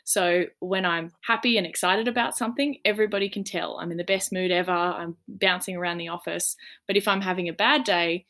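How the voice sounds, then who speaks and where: Earnest, low-pitched woman giving advice. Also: steady tone, a little fast, fairly bright tone. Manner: earnest, explanatory, lots of ums. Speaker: careers advice guest. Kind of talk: casual podcast chat.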